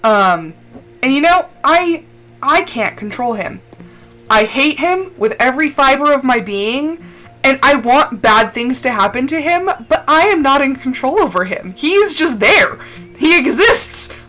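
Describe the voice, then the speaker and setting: A woman streamer chatting casually and expressively while playing a game, full of fillers and quick laughs. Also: high voice, lively intonation, bright, forceful tone, soft background music. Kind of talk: casual chat while gaming on a live stream.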